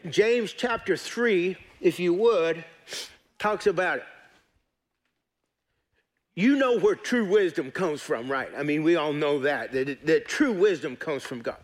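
A man's voice: fairly high pitch, expressive, takes it slowly. A man preaching a sermon in church, folksy and joking but earnest. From United States. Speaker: pastor.

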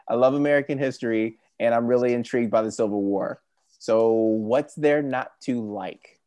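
A man's voice: medium pitch, darkish tone, no room sound. A man co-hosting a podcast in casual, enthusiastic chat, rambling and restarting his sentences. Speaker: podcast co-host.

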